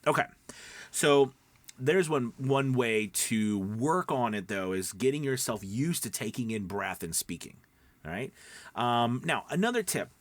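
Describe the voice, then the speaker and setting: A man's voice: mid-range voice, expressive, unhurried, no room sound. A man teaching voice acting in a casual, rambling spoken lesson full of fillers and restarts. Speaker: voice acting coach.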